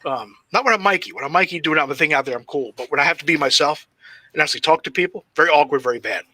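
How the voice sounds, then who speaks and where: A man with a very bright, forward voice tells loose, swear-filled stories from his wrestling career. His pitch sits slightly high, and the sound is close and dry with no room around it. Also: fast talker, no room sound. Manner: heavy swearing, rambling anecdotes; self-described shy and socially awkward. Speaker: guest, pro wrestler. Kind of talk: casual storytelling interview.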